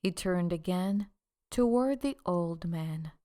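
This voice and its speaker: Woman reading an audiobook, low voice, really slow and deliberate. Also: lively intonation, warm tone. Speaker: audiobook narrator. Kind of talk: scripted narration.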